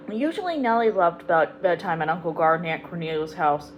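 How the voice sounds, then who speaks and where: Expressive woman reading a storybook. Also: on the low side, a little fast, muffled recording, a little hiss or hum. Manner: expressive, emphatic, tender at sad parts. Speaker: audiobook reader, channel host.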